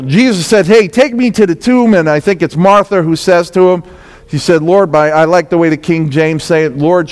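A man's voice: on the high side, long reverb tail. A man with a New York accent preaching a sermon as pastor, telling the story in a conversational way and acting out what the people in it said, growing more intense as he goes. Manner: conversational preaching, dramatized quotes, rising intensity.

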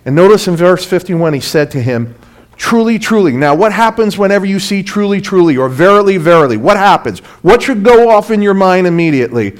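Emphatic high-voiced male preacher. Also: animated, fairly quick. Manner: emphatic, swings from loud to hushed. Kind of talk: sermon.

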